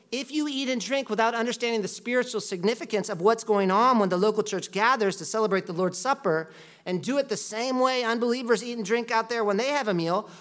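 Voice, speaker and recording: Chatty pastor preaching a casual sermon. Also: male voice, extremely high pitch. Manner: chatty, peppered with "like", jumps into loud quoted voices.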